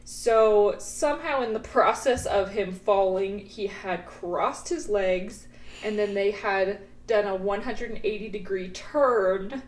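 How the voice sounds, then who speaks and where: A woman co-hosting a podcast, telling family stories in a casual, animated way and laughing often. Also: mid-range voice, slow, reverberant, poor audio. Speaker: podcast co-host. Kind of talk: casual storytelling.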